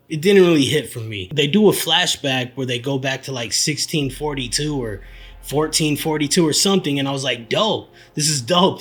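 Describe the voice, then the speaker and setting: A man's voice: fairly high pitch, fairly bright tone. Laid-back young man reviewing movies. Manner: laid-back, slangy, candid. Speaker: podcast host, movie reviewer. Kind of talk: casual spoken movie review.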